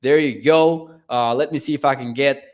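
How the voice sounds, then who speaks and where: A man hosting a sports podcast, chatting casually and reading viewer comments with frequent laughs and shout-outs. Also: mid-range voice, fairly even intonation, moderate pace. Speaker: podcast host. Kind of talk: casual live-stream chat reading comments.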